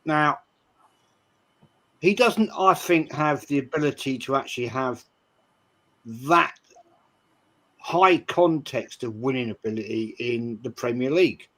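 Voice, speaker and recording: Blunt, measured man giving football opinions. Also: mid-range voice, lively intonation, a bit bright. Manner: measured, blunt, dismissive of critics. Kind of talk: football call-in commentary.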